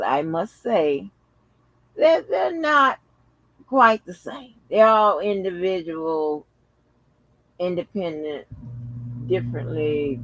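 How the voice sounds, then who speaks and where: A man talks to his channel audience in a loose, rambling vlog style, with frequent exclamations and plenty of swearing. His voice sits a little high and his delivery is slow and unhurried. The sound is close and dry. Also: fairly bright tone, no room sound, lo-fi sound. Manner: chatty, profane, exclamatory, addresses viewers as y'all. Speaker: channel host. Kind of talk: casual vlog commentary.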